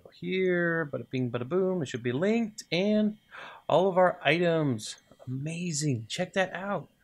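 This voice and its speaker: Man, unhurried game commentary, gravelly voice, mutters and cheers, mouse clicks behind. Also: a little high, lively intonation. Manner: talks to himself and the game items, muttering and cheering. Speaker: gaming video host. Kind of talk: casual let's-play commentary.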